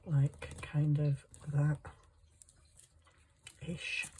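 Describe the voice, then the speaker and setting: A woman's voice: low voice, little pitch movement, extremely slow, mellow, a little hiss or hum. A woman chatting casually to viewers and herself as she works on a wire craft project. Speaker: craft vlogger. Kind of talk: casual chat while crafting.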